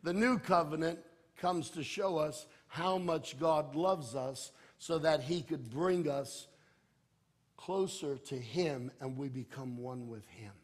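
An older man preaching a sermon as pastor, emphatic, swinging between loud proclaiming and soft, low-voiced stretches. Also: slow pace, husky.

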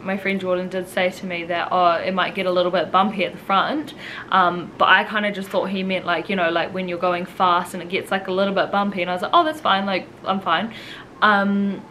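A woman's voice: fairly low pitch, level tone, fairly quick, pushed and bright, slight background noise, poor audio. A young woman from New Zealand telling a personal story to camera in a rambling, emotional way, full of "like" and "um". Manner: rambling, heavy use of "like" and "um", emotional. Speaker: vlogger.

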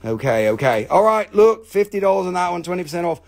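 Guy with a pretty high voice doing a goofy rambling live sales pitch, cracks jokes, repeats stuff. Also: sing-song, fast talker, gravelly. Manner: playful, rambling, joking, repeats himself. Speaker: host selling rocks and crystals on a live stream.

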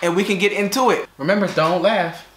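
A man's voice: sits high, a little fast, a bit bright. A man hosting his family's channel in casual chat, teasing and laughing a lot. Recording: echoey room with background noise.

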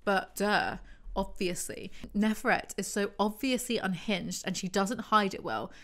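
A woman reading a book aloud and breaking it down with sarcastic, deadpan asides. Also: medium pitch, measured pace. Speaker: book reviewer.

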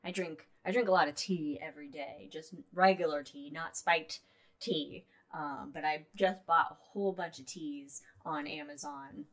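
A woman's voice: deep voice, expressive, normal speed. A woman co-hosting a podcast in casual chat, playful and full of fillers. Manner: chatty, playful, many fillers. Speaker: podcast co-host.

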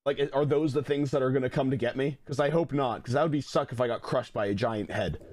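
A man's voice: medium pitch, fast, background noise. A man streaming, reading a passage aloud and musing on it with questions to himself. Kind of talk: reading text aloud and reacting.

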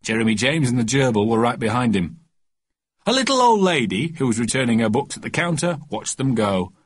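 A man narrating a children's storybook audiobook with a lively, expressive reading. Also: mid-range voice, brisk, slight background noise.

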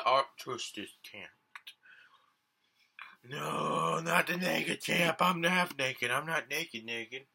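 A man giving casual gameplay commentary, jumping between low muttering and high excited yelps and swearing often. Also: creaky, husky.

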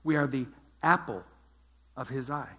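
A man's voice: mid-range voice, measured pace, pushed and bright. A man teaching a Bible study as pastor, asking his group questions and repeating their answers. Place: church.

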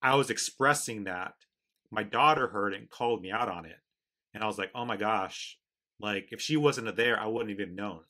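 Bright animated man hosting a podcast. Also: fairly low pitch. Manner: animated storyteller, quick bursts. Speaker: podcast host. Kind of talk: conversational podcast interview.

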